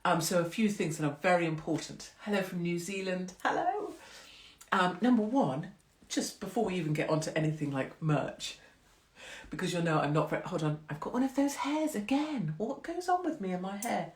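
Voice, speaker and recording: A woman's voice: lowish voice, expressive, a little fast, echoey room. A middle-aged woman hosting a live stream from home, chatting with viewers in a rambling, self-mocking way and swearing freely. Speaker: host of a live social-media stream. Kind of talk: casual chat with live viewers.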